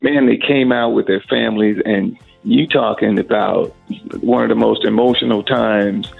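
A middle-aged man, a singer, telling an animated story in an interview and acting out the voices of the people in it. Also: on the low side, moderate pace, vocal fry, breathy edge, soft background music. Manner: animated storyteller who acts out quoted voices. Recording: phone-like narrow audio.

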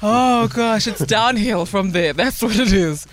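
A man hosting radio, playful and quick to laugh. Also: sits high, slight background noise. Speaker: radio host. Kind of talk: radio banter and ad read.

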